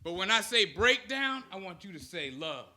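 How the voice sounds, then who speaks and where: Bright, lively man giving a rousing speech. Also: sits high, normal speed, a little hiss or hum. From United States. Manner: rousing call-and-response delivery. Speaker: speaker. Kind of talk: motivational speech.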